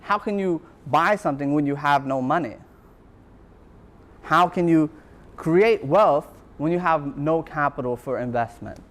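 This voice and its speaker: A man's voice: a little high, unhurried, fairly bright tone. A man, a university lecturer, giving a motivational talk and telling his own story in an earnest, reflective way, repeating phrases for emphasis.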